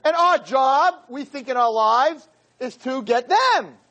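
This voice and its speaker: A man, a rabbi, giving an animated, joking talk to teenagers and acting out little scenes as he goes. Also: very high voice, slow pace. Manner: acts out voices of boys and girls, jokey, punchy.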